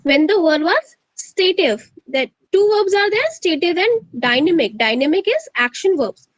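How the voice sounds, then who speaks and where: A woman's voice: extremely high pitch, animated, a little slow, no echo, highs cut off. A woman with an Indian English accent teaching a live online grammar class, drilling her students with questions and slipping into Hindi to prod them.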